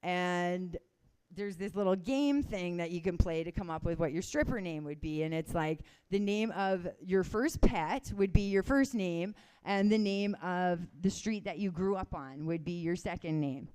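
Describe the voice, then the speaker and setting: A woman's voice: lowish voice, normal speed, warm tone, clean tone. A young Canadian woman doing a casual, rambling stand-up set, chuckling at her own stories. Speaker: stand-up comedian.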